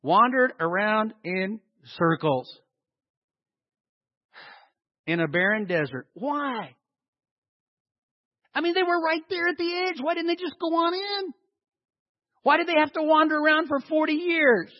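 A man preaching a sermon in a large church hall, animated and full of rhetorical questions. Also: very high-pitched, a little slow, long pauses. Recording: dull lo-fi with long hall reverb.

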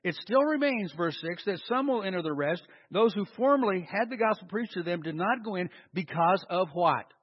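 A man's voice: high-pitched, lively intonation, normal speed, few pauses, slightly rough. A man preaching a sermon, emphatic, asking rhetorical questions and answering them himself. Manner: emphatic, stressing single words. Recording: echoey hall, dull lo-fi sound.

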